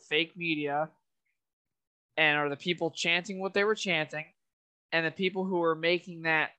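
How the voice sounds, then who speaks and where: A man's voice: fairly high pitch, sharp tone. A man co-hosting a podcast in casual chat, rambling and leaning heavily on "you know" fillers. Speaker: podcast co-host.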